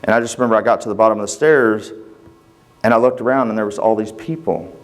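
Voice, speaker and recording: A father stands before his congregation to give a personal testimony, talking fast in a lowish voice with fairly even intonation. He tells his story casually in plain, folksy language, acting out the conversations.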